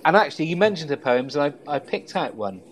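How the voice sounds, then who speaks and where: A man co-hosting a podcast, chatting casually and telling stories with a relaxed, relishing delivery. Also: on the high side, fast talker, rough recording. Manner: relaxed storytelling, savoring quotes. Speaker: podcast co-host. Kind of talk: casual chat.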